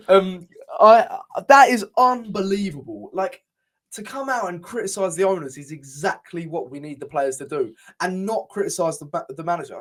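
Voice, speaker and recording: A fairly high-voiced man, chatting about football as a podcast co-host. He rambles and swears, restarting his sentences as he gets worked up. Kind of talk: casual football chat.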